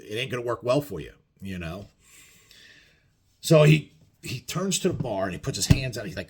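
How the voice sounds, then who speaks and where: A biker vlogger with a husky, mid-range voice casually tells the camera about a bar fight. He swears constantly, keeps it conversational, and acts out the quoted lines with loud bursts of volume.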